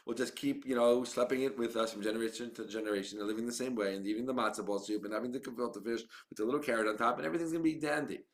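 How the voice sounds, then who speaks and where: A man's voice: medium pitch, steady tone, very fast, hardly any pauses, lightly acted. A man voicing a stubborn, old-fashioned Jewish man with a Yiddish accent who dismisses anything new and repeats himself indignantly. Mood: dismissive.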